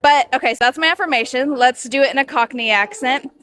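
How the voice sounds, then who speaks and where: A woman's voice: sits high, fast, fairly bright tone. A woman guest at a game night, talking in an upbeat, candid way. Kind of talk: casual chat.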